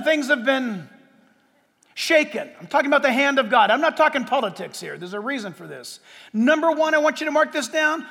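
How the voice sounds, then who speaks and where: A male pastor delivers an emphatic sermon with a very high voice. He stretches out key words with dramatic pauses. His voice rings with the long reverb of a large church hall. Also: a bit bright.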